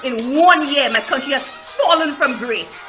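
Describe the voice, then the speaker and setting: A woman's voice: sits high, lively intonation, a little slow, music in the background. A Saint Lucian woman delivering a fiery, repetitive political rant on a livestream, slipping into local dialect.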